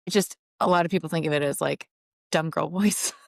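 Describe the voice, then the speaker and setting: Candid, low-voiced woman podcast host. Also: fairly even intonation, creaky, no echo, studio quality. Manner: candid, self-deprecating, halting restarts. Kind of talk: casual chat.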